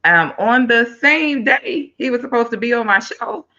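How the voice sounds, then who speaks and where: A woman's voice: on the high side, expressive, normal speed, pushed and bright, muffled recording. Upbeat woman hosting a live talk show. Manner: upbeat, chatty, speaks straight to viewers.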